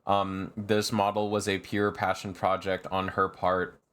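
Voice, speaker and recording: A man streamer chatting casually on a live stream, rambling with fillers and laughs, and often jumping to high, shrieking protests. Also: level tone, measured pace, a bit bright, smooth.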